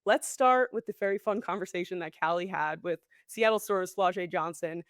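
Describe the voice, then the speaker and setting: A woman podcast host introducing an interview clip with excitement. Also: on the low side, normal speed, dry recording, clean studio sound. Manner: bubbly, excited. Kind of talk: show segue.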